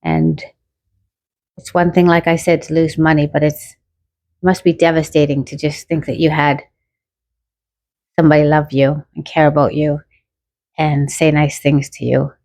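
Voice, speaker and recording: A middle-aged woman telling a personal story in a casual, animated way and acting out the quoted dialogue. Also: sits low, measured pace, long pauses.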